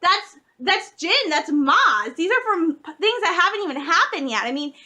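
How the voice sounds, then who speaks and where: A young woman vlogging in a casual, gushing way, talking fast and emotionally. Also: very high voice, very animated, sharp tone. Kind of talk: excited casual fan vlog.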